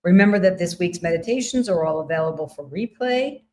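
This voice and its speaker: Upbeat sing-song woman, lowish voice. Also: lively intonation, a little fast, dark tone. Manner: upbeat, sing-song, playful, often laughing. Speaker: host of a live wellness session. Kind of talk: live stream talk to viewers.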